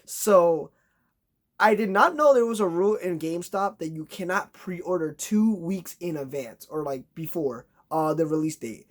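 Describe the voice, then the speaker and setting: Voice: medium pitch, animated, normal speed. A vlogger telling a long, exasperated story in a casual rant, acting out conversations in a raised voice.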